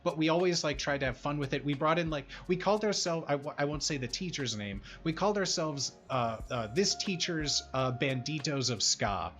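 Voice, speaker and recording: A young man with a fairly high voice talks loosely and excitably, piling up filler words as he chats with a guest. Faint music plays softly under his voice. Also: fairly quick, hardly any pauses. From Chicago. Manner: rambling, filler-heavy, excitable. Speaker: stream host interviewing a guest. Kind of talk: casual chat.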